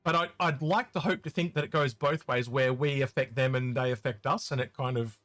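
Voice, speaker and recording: A man's voice: mid-range voice, a little fast, fairly bright tone, no room sound, faint music behind. A man with a Tasmanian Australian accent co-hosting a live question-and-answer stream, chatting casually, rambling and repeating words as he restarts his sentences. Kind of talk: casual chat.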